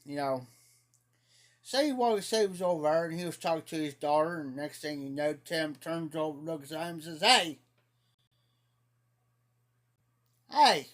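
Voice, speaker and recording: A man's voice: a little high, brisk. A man casually telling a rambling, folksy story on a live stream, laughing at his own tale.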